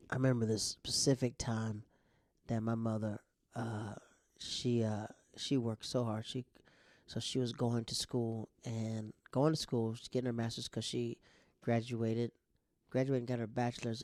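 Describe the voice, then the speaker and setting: A man's voice: medium pitch, darkish tone, no room sound. A man with a mid-range voice tells family stories in a loose, casual monologue, chuckling as he goes. The recording is dry and close, with no room sound. He talks like a stand-up comic. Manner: laughs often while telling, acts out family members' voices. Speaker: stand-up comedian, podcast host.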